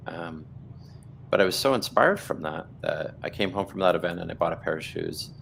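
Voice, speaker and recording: A man with a very low, gravelly voice tells his story on a video call, earnest and rambling, with restarts and bits of quoted dialogue. Faint noise sits behind him. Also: a little fast, a bit bright. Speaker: guest, blood cancer survivor. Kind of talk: livestream conversation, personal storytelling.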